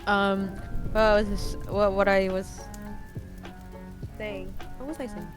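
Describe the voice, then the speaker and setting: A woman streamer with a middling pitch chats casually and rambles through her stories, laughing often. She grew up in the Philippines and Canada. Faint music plays behind her. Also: flat delivery, takes it slowly. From Philippines, raised in Canada from age twelve. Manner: chatty, rambling storyteller who laughs often.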